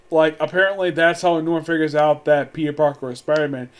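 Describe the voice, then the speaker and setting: Guy with a high voice chatting through a movie review, rambly, lots of likes and restarts. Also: level tone, fast, smooth. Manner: rambling, amused, many fillers and restarts. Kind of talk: casual spoken review.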